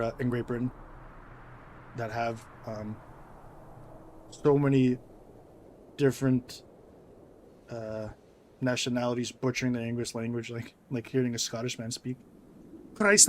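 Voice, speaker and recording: A young man giving rambling casual commentary over a game, full of fillers and quick laughs. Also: mid-range voice, darkish tone, a little hiss or hum. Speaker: gaming video creator.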